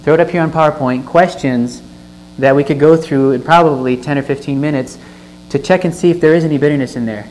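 A man's voice: fairly high pitch, quick pace, a little mellow, rough recording. A man preaching a sermon, reading scripture aloud and explaining it with earnest stresses and questions to the listeners. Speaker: pastor. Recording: faint mains hum.

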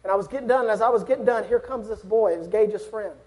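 High-voiced earnest young preacher man. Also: quick pace, a little mellow. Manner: earnest, rising to fervent exhortation. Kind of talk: sermon.

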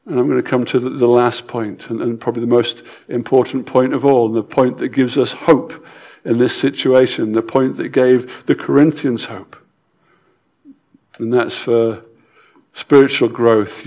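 A man preaching a sermon, emphatic and repetitive, swinging between loud stresses and quiet drops, with some stammered restarts. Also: medium pitch, steady tone, moderate pace, muffled recording.

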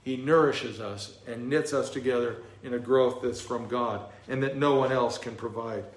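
A man preaches in an easy, conversational manner, working through a text and tossing rhetorical questions to the listeners. His voice sits at a middle pitch. The recording has a roomy echo, as in a church sanctuary. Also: moderate pace. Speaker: pastor. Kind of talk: expository sermon. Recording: echoey room.

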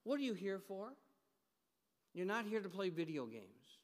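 A man preaching an emphatic sermon in a church, swinging between hushed and loud. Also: sits high, very animated, unhurried. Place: church sanctuary. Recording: long hall reverb.

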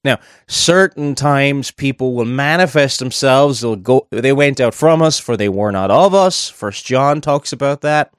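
A man's voice: mid-range voice, expressive, a little slow, few pauses, smooth, dry recording, studio quality. A man preaching a sermon in a conversational way, thinking aloud and adding asides as he explains a verse.

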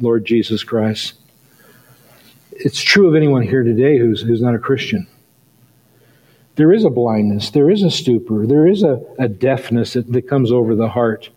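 A middle-aged male pastor preaching a sermon, telling a story and rising to excited peaks. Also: medium pitch, poor audio.

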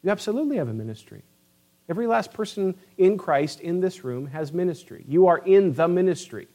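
Earnest preaching man, higher voice. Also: animated, fairly quick, warm tone, highs cut off. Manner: earnest, conversational preaching with restarts. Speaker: pastor. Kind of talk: sermon. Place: church sanctuary.

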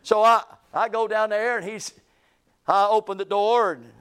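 A man's voice: high voice, fairly even intonation, normal speed, a bit bright, smooth. A male pastor, telling a folksy story in a sermon to his church, with emphatic rises in his voice. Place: church sanctuary.

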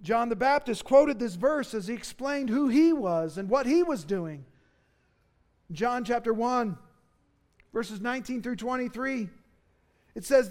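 A pastor delivering a sermon in an earnest, emphatic way, with dramatic rises for key phrases. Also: male voice, extremely high pitch.

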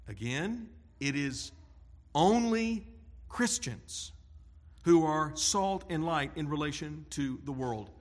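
Emphatic preacher man, slightly high voice. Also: a bit bright. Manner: emphatic, deliberate preaching with stressed words and repetition. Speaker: pastor. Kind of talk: sermon.

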